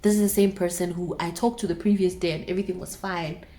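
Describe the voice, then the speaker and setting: A woman's voice: lowish voice, fairly even intonation, fast talker, warm tone. A young woman in her twenties with a South African accent, casually telling a dramatic personal story to her viewers with asides. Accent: South African English.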